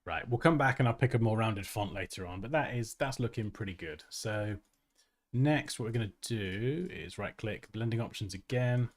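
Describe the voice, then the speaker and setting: A man's voice: on the low side, normal speed. A man hosting a casual design tutorial livestream, chatty and self-mocking, who laughs often and reads chat comments aloud.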